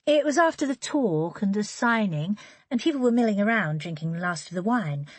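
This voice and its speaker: A thoughtful woman writer speaks in a gentle, measured way, voiced by a woman narrator. Her pitch lifts and falls in a lively way. The audiobook sound is dry and close. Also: dry recording, lightly acted. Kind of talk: audiobook character reading.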